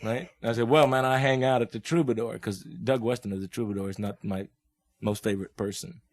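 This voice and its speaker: A man's voice: mid-range voice, steady tone, brisk. A young man from Oklahoma, a guest musician, telling stories in laid-back hip slang and laughing often as he acts out the people in them. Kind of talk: casual storytelling.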